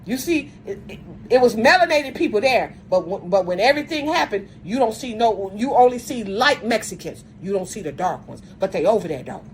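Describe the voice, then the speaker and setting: A woman talks straight to her viewers in an emphatic, lecturing monologue. She repeats her points and opens phrase after phrase with "see" or "look." Her voice sits at an ordinary middle pitch for a woman. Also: expressive, a little fast, few pauses, a little hiss or hum, rough recording.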